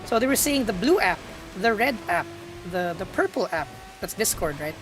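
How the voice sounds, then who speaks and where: A woman's voice: medium pitch, animated, normal speed, long pauses, music in the background. A young woman, chatting playfully to her live-stream audience while gaming and laughing often.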